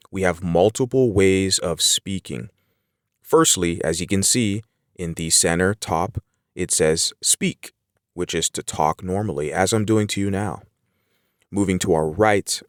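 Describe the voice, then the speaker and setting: Male English teacher, very low smooth voice, dry close recording, relaxed explainer. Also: no echo. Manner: relaxed, explains with everyday examples, frequent fillers. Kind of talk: casual spoken lesson.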